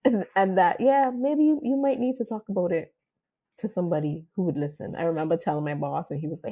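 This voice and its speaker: A woman hosting a podcast interview, telling her own stories in an animated way and acting out quotes. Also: mid-range voice, a little fast, vocal fry, husky. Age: adult mother. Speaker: podcast host. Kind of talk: casual interview chat.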